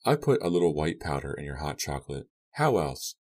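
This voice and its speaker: A man reading the part of an unhinged young woman, speaking quietly with calm, eerie menace. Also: rumbling low, brisk, heavily acted. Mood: quietly menacing.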